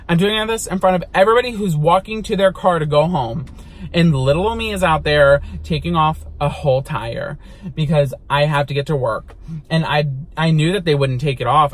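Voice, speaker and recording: A young man with a high voice tells a dramatic story in his car-vlog storytime. He talks with lots of energy and theatrical emphasis. He swears casually as he goes. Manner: animated, dramatic retelling with swearing. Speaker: vlogger. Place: inside a car.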